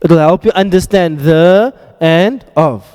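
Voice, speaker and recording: A man's voice: on the high side, slow pace, a little mellow, smooth, in a large hall. Joking, quizzing male Arabic teacher. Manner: quizzing students, joking asides. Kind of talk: classroom lecture with drills. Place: classroom.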